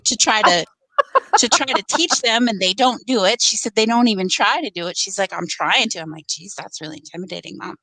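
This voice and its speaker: Woman guest, animated anecdote teller, dry close sound. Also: medium pitch, a little fast, no room sound, low-quality recording. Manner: animated, laughing storyteller. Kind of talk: casual storytelling.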